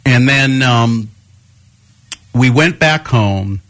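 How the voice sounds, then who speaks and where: A man's voice: mid-range voice, very slow. A man co-hosting a radio show, telling stories in casual banter and acting out the quotes. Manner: animated storyteller with voiced quotes. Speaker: radio co-host.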